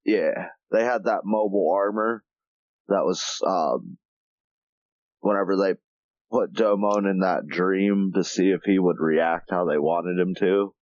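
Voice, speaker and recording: A man's voice: sits low, steady tone, a little slow, a little mellow, dry recording, dull audio. Rambling, swearing man podcaster. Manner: rambling, heavy swearing and filler words, laughs often. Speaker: podcast co-host. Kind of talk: casual chat.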